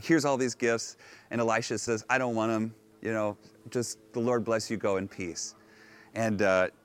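A man preaching a sermon on location, retelling a Bible story in an animated, conversational way and acting out the characters' lines. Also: medium pitch. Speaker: pastor. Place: outdoors on location.

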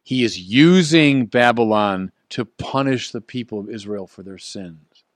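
A man preaching a sermon, earnest and emphatic, with the odd soft chuckle. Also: mid-range voice, lively intonation, a little slow, dry recording.

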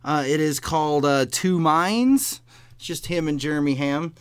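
A man's voice: on the high side, a little slow, clear, resonant tone, dry recording. A man co-hosting a podcast, chatting casually, laughing often and swearing now and then. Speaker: podcast co-host.

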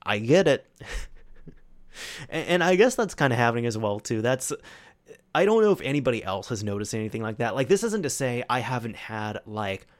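A man hosting a solo podcast, casually telling a story with lots of restarts and animated retold dialogue. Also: mid-range voice, brisk. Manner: rambling, with many restarts and fillers; quotes friends in animated retellings. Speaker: podcast host.

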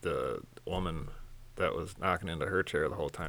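A man's voice: low-pitched, fairly quick, fairly bright tone. A man co-hosting a casual podcast, laid-back and blunt, laughing easily and swearing. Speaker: podcast co-host. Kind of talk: casual profane podcast chat.

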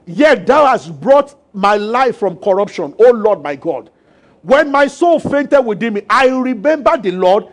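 A man preaching a sermon as pastor, animated and acting out voices. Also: sits high, measured pace. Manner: animated, acts out voices and laughs with the congregation.

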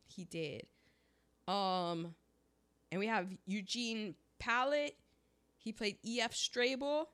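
A woman co-hosting a podcast in casual chat, talking with a sore throat and an animated manner. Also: takes it slowly. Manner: animated, rising to high exclamations. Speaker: podcast co-host. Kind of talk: casual chat about old movies.

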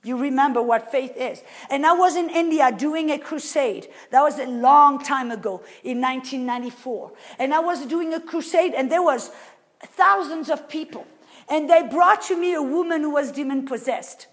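High-voiced woman preaching a sermon. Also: normal speed. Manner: emphatic, asks the audience rhetorical questions; swings between loud and very soft.

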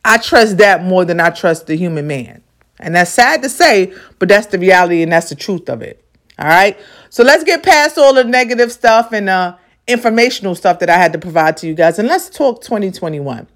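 A woman's voice: mid-range voice, animated, normal speed. Emphatic, profane woman podcast host. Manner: emphatic, repetitive, profane, preacherly. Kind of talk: motivational monologue.

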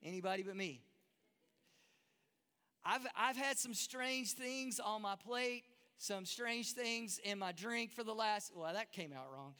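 A Texan pastor delivers a casual, self-deprecating sermon, often restarting words as he goes. His voice sits high and bright. A long reverb trails it through a large church hall. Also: unhurried, slight background noise. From Texas.

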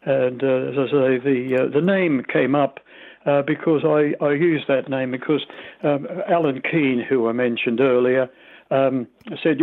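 Gravelly old Australian man on a phone line. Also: medium pitch. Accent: mild Australian. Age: 80s. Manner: rambling, halting with many fillers. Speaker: retired radio presenter, guest. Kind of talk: reminiscing interview.

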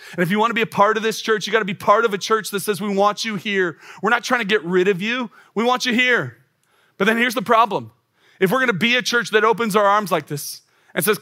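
In a church auditorium, a man in his thirties delivers a sermon with a high-pitched, pushed, bright voice. He is emphatic and repeats himself, building to rising exclamations.

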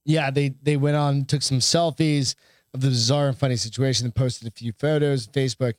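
A man's voice: mid-range voice, level tone, brisk, dry recording. Male podcast co-host, mid-range voice, loose and profane, stumbles while reading, dry sound. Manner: profane, rambling, reads news aloud with stumbles. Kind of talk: casual chat.

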